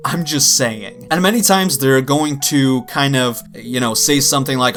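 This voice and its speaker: A man's voice: mid-range voice, normal speed, few pauses, fairly bright tone, soft background music. Man ranting about scammers. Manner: conversational, exasperated, with frequent fillers. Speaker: gaming video creator. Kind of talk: casual rant to camera.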